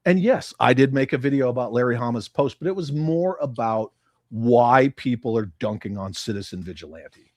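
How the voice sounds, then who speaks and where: A blunt American man hosts a livestream from his room, reading chat aloud and cursing freely. His pitch swings widely while he talks. The sound is dry and close. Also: sing-song, unhurried, darkish tone, no echo. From United States. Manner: profane, blunt, ranting. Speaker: livestream host.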